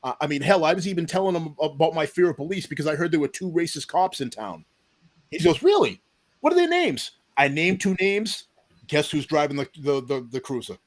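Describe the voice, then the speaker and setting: A man's voice: on the high side, a little fast. A man in his forties telling a long personal story in an interview, acting out the voices of the people in it. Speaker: deputy police chief, podcast guest.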